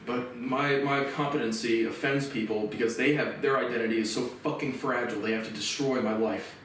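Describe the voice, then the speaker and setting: Agitated man in his twenties, profane rant, distant mic, boomy reverb. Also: fairly even intonation, a little fast, slight background noise. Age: 20s. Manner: agitated, swearing, voice rising into shouts. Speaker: vlogger. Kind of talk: angry profane rant to camera. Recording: very echoey room, far from mic.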